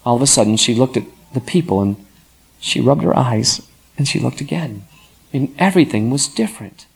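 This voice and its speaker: Husky man telling a story. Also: medium pitch, moderate pace. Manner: expressive, dramatic storytelling. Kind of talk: storytelling narration.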